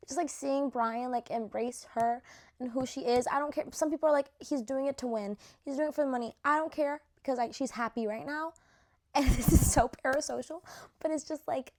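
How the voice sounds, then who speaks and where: A young woman vlogging in casual chat, gushing and chatty, leaning on "like" and dropping swear words, her voice a little worn. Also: sits high. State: losing her voice. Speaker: vlogger ranking reality show cast.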